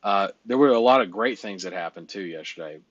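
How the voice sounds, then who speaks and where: A man's voice: low-pitched, animated, fairly quick, dry recording, muffled recording. A man coaching a trainee in sales over a call, blunt and emphatic, rambling through his points.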